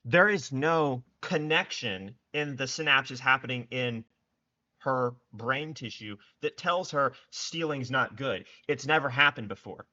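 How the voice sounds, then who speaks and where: Young guy doing snarky political commentary, bright tense voice, kinda dull lo-fi sound. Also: mid-range voice, unhurried. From United States. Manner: sarcastic, scornful. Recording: dull lo-fi recording.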